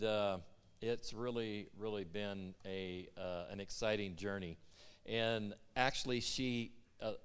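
A man who is a guest prophet, speaking in a casual sermon style, halting with many fillers and restarts. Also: fairly low pitch, smooth, big-room sound. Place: church sanctuary.

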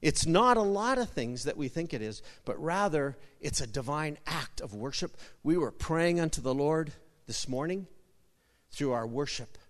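Animated man preaching in a reverberant hall. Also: fairly high pitch, normal speed. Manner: animated storyteller, repeats words, sudden loud bursts. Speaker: pastor. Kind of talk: sermon with jokes. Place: church sanctuary.

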